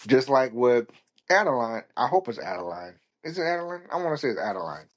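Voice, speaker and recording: A man's voice: medium pitch, very animated, fairly quick. A man hosting a solo podcast, talking casually in a rambling, blunt and foul-mouthed way. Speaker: podcast host.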